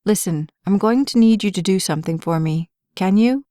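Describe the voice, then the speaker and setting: A woman reading a male firefighter who talks gently and patiently to reassure a scared child, in an audiobook. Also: medium pitch, moderate pace, dry recording, studio quality, close to an everyday voice. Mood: soothing. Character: calm, soothing male firefighter.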